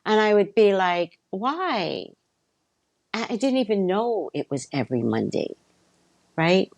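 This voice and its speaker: A woman's voice: medium pitch, sing-song, normal speed, a little mellow, dry recording, poor audio. A woman telling a story to her viewers in a casual, blunt, profane way. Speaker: vlogger.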